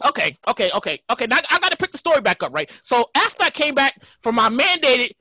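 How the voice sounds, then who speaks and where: A high, lively male voice, the host of a casual podcast chat, swearing freely and acting out scenes in loud bursts. The sound is bright and very dry, close to the mic with no room around it. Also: quick pace, dry recording. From New York. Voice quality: animated, profane, laughing often. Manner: storytelling with loud mock reenactments.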